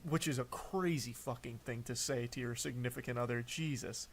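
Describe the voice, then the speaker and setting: A man's voice: mid-range voice, normal speed. A man streaming live, mocking and picking apart text messages as he reads them aloud, swearing often. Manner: incredulous, mocking commentary with frequent swearing. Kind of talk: live-stream reaction commentary.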